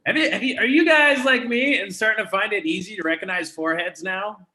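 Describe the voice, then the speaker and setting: A man's voice: high-pitched, a little fast, sharp tone, a little hiss or hum. A young man from Canada doing a live stand-up comedy set, self-deprecating and conversational. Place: comedy venue with live audience.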